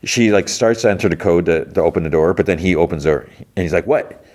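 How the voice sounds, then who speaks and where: A man's voice: low voice, fast, a little mellow. A male podcast host giving a rambling, casual recap of a TV episode, full of fillers and restarts.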